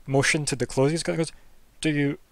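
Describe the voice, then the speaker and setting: A man's voice: a little high, level tone, fast talker, no room sound. A man running a tabletop game as game master, narrating in a loose, rambling way. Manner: casual, rambling with fillers.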